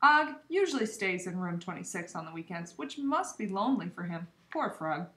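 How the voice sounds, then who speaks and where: A woman reading a children's chapter book aloud with lively, expressive storytelling. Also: mid-range voice, brisk, echoey room. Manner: lively expressive storytelling, voicing the hamster narrator. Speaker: reader.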